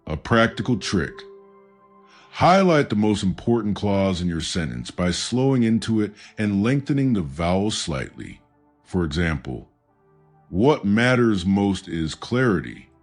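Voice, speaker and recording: A man giving calm, measured, scripted narration of a self-help audiobook. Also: fairly low pitch. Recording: faint background music.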